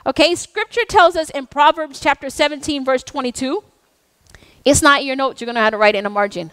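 A middle-aged woman pastor, preaching a sermon in an intense, animated way with playful asides. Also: high-pitched, dry recording. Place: church sanctuary.

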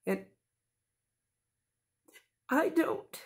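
A woman in her thirties talking casually and earnestly to camera in a home vlog, rambling at times and openly emotional. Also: very slow. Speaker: vlogger.

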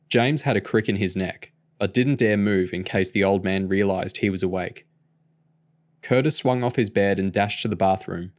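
A man reading a novel aloud for listeners. His voice sits on the low side and he keeps a steady, measured storytelling pace. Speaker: audiobook reader. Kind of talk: read-aloud narration.

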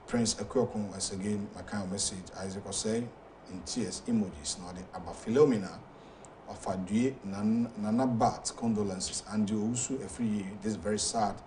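A Ghanaian man with a fairly low voice hosts a talk show, reading out viewer messages haltingly and stumbling over names. He sits back from the microphone, and steady background noise runs under his voice. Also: distant mic. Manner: halting, hesitant reading with frequent fillers.

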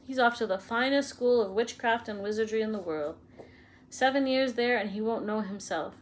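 A woman voicing a huge, gruff but kindly male gamekeeper in a storybook reading, with rough country speech. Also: fairly high pitch, normal speed, slight background noise, close to an everyday voice. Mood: indignant.

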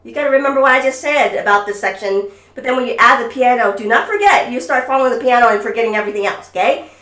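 A woman's voice: fairly high pitch, fast talker, a bit bright, roomy sound, far from the mic. A woman teaching violin over a video call, coaching a student and singing rhythms aloud. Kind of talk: online music lesson.

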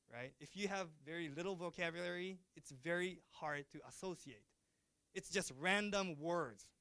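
Lecturer, man, high voice, dry close sound, chatty. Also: no room sound. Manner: chatty, lively, asks the class questions. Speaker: university lecturer. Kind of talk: classroom lecture switching between Japanese and English.

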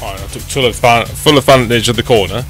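A man's voice: medium pitch, brisk, a bit bright, faint music behind. A young man giving live gameplay commentary as he plays a racing game, swearing often and getting frustrated with his car. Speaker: gaming channel host.

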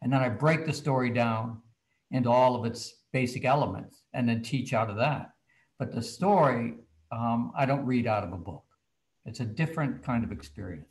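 An older man, a children's author, telling a story from his childhood to students over a video call, lively and dropping to a hush for tense moments. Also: mid-range voice, normal speed.

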